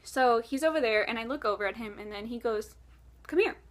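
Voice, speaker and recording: A woman vlogger recounting a dream straight to the camera, chatty and animated, with frequent "like" fillers. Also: on the high side, fast talker. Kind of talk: storytelling to camera.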